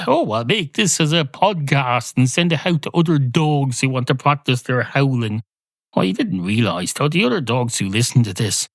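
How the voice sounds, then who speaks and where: A man hosting a rambling solo comedy podcast, deadpan and absurd, swearing at imagined listeners. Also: medium pitch, no room sound. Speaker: podcast host.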